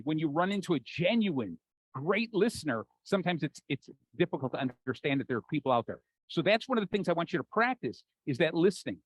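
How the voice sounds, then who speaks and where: A man with an American accent giving an animated, jokey conference talk, acting out the voices in his head. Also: high voice, dry recording, poor audio. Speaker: keynote speaker. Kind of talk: conference talk to a live audience.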